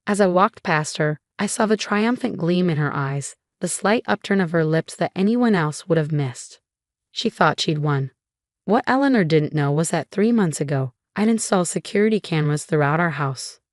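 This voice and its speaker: A woman with a low voice tells a scripted story in the first person, keeping an even, measured delivery. The recording is dry and close, with no room sound. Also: dry recording. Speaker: narrator.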